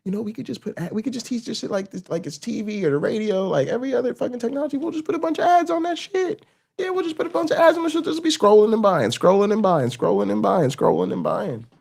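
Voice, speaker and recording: A man's voice: high-pitched, big pitch swings, fast talker, gravelly, darkish tone, slightly rough, pitched above the performer's own voice, full character voice. A man voicing scheming billionaires who whisper conspiratorially and then gloat with taunting laughter. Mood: soothing, scheming.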